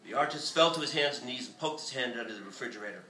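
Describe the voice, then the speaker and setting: A man, the author, reading his novel aloud in a bookstore with a lively, expressive delivery. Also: medium pitch, rapid-fire, a little hiss or hum. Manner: lively, expressive reading with shouted character lines. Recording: echoey bookstore from far off.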